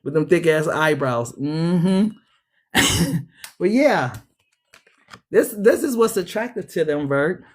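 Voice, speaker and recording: A woman's voice: sits low, lively intonation, slow pace, long pauses, breathy edge. Blunt, profane woman reading tarot. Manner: blunt, profane, sassy slang. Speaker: tarot reader. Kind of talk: casual tarot reading livestream.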